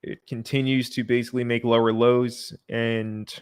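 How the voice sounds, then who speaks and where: A man hosts a casual livestream and talks over viewer comments at an easy pace, with fillers and small sighs. His pitch stays low-key and flat and barely moves. He sounds close to his microphone. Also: moderate pace, clean tone. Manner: relaxed, chatty, reads out viewer comments. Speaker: livestream host.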